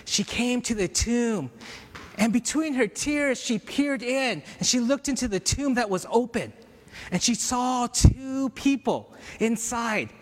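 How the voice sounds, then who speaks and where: Male preacher, high-pitched, animated storytelling with fillers, in a church hall with long reverb. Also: measured pace. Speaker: campus ministry leader preaching. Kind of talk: sermon.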